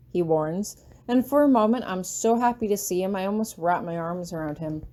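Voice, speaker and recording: A woman narrating a fanfiction audiobook in an expressive first-person storytelling manner. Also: fairly low pitch, normal speed. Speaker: audiobook reader.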